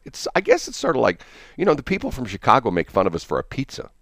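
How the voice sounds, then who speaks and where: A man's voice: sits low, wildly swooping pitch, fast, no room sound, studio quality. A man hosting a casual morning radio chat, rambling and chuckling, restarting his sentences often. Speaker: radio host.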